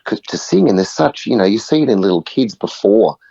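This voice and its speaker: A man's voice: fairly low pitch, lively intonation, a little fast, gravelly, mellow, no room sound. An earnest man, talking as a guest on a podcast and telling stories, often checking in with "right?". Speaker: guest, music facilitator. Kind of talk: conversational podcast interview. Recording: muffled, dull audio.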